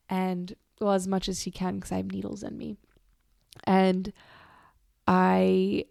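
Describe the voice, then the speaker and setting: Her medium-pitched voice is creaky and warm, captured with studio quality and no echo. She's a podcast host sharing a personal story in a confessional, candid way, cursing offhandedly, wandering into side tangents and restarting her thoughts.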